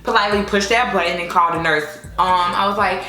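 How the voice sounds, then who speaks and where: A woman's voice: medium pitch, fast talker. Chatty young woman in an echoey room. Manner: chatty and expressive, with many fillers. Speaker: vlogger telling her labor story. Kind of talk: casual storytime chat. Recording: echoey room with faint music.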